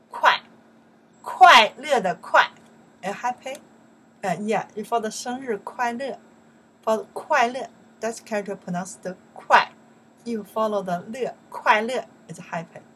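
A woman teaching vocabulary, who says words loud and slow and drops into soft, quick English asides. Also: mid-range voice, slight background noise. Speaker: Chinese teacher. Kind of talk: language lesson.

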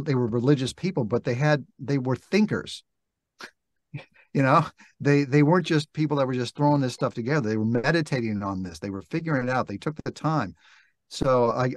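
An older man, a guest on an interview podcast, telling stories in a reflective, halting way and acting out quoted dialogue. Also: mid-range voice, dry recording, clean studio sound. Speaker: interview guest, narrator and actor. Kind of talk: relaxed storytelling interview talk. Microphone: podcast microphone.

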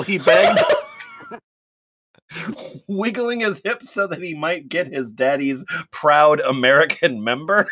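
Pria membaca cerita sambil cekikikan. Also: male voice, high-pitched, lively intonation, slow, pauses often, background noise. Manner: giggling, incredulous reading. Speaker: podcast co-host. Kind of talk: comedic reading.

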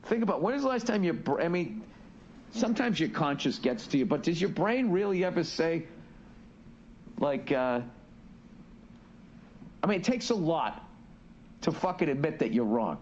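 A man's voice: a little high, sing-song, moderate pace, pauses often, a little mellow, a little hiss or hum. Profane rambling man on muffled audio. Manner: profane, rambling, restarts often. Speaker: comedian. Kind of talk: rambling podcast rant.

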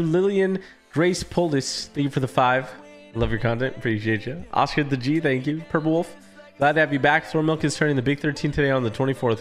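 A man live-streaming a game, chatting casually and reading out viewer shout-outs in quick upbeat bursts, with a sore throat. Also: mid-range voice.

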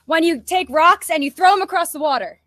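Woman on a game show firing off clues, high voice, animated. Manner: animated, giving rapid clues.

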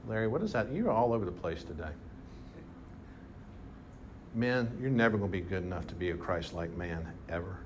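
A man preaching a sermon to a congregation, telling a story with animated emphasis. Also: sits low, moderate pace, pauses often, lo-fi sound, background noise. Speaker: pastor. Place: church hall with congregation.

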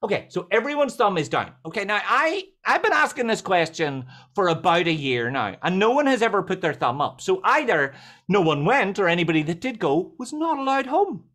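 Lively, joking motivational speaker, a man. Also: high-pitched, fairly quick. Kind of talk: motivational talk on a video call.

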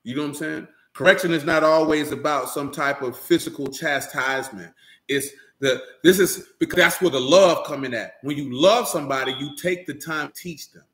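Guy preaching real casual, kinda high voice, lots of "you know what im saying", room echoes. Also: moderate pace, a bit bright. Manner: talks loosely and directly, often asking "you know what I'm saying". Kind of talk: casual conversational sermon.

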